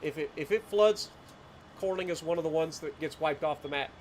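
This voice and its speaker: Casual streamer, rural Ohio man in his late thirties, slightly high voice, rambling and chuckling, faint noise behind. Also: brisk, a little mellow. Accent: rural southeastern Ohio. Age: late 30s. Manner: rambling storyteller, chuckles often, greets chat. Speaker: livestreamer. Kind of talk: casual gameplay livestream chat.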